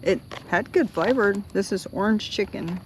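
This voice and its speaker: Chatty guy w a high gravelly voice, crickets loud all around at night camp. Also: normal speed, rough recording. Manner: chatty, laughs easily. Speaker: hiker and vlogger. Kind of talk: casual chat at camp. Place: outdoor campsite at night. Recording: crickets and night noise outdoors.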